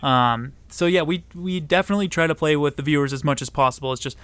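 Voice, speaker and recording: A man hosting a casual podcast chat, relaxed and chatty, reading out viewer questions. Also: fairly high pitch, quick pace, clean tone, no room sound. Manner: relaxed, chatty, laughs often. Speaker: podcast host.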